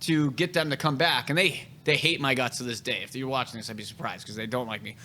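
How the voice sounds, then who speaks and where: A man's voice: mid-range voice, steady tone, quick pace, sharp tone, slight background noise. A man hosting a casual podcast chat, telling real estate stories in a blunt, profane way.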